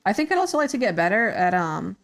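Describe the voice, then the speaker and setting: A woman's voice: medium pitch, sing-song, fast, soft background music. A woman streamer chatting casually while she draws, rambling with many fillers and hesitations. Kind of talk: casual chat while drawing.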